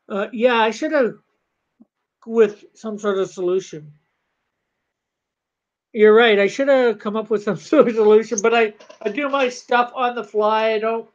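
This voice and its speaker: Slow rambly artist talking to chat from home, kinda muffled lo-fi sound. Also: medium pitch. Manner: rambling, halting, thinks aloud while reading chat. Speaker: comic artist livestreaming. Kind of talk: casual livestream chat.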